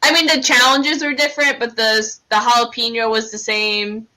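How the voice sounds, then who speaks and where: A woman's voice: on the high side, moderate pace, poor audio. A young woman co-hosting a podcast, gossiping in casual chat with frequent giggles. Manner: gossipy, giggly, animated reactions. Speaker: podcast co-host.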